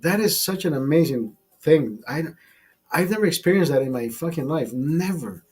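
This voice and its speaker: A man's voice: on the high side, expressive, normal speed, a little mellow, breathy edge, faint music behind. A man hosting a casual late-night chat over beers, tipsy, crude and rambling, repeating himself and laughing often. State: tipsy from drinking. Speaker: livestream host.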